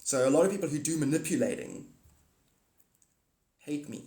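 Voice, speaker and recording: A man's voice: fairly high pitch, normal speed, mellow, roomy sound. A man hosting a casual livestream, talking to viewers in a rambling, blunt and profane way. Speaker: livestream host.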